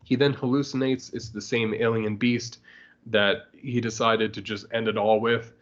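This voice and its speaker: Casual male podcast co-host, mid-pitched, jokey, breaks into character bits, muffled recording. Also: flat delivery, normal speed. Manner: laughs often, acts out characters in quoted asides. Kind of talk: casual chat.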